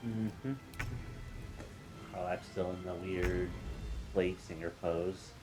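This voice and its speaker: A man's voice: sits low, fairly even intonation, slow pace, mellow, soft background music. A man co-hosting a let's play, explaining rules and tactics in casual chat.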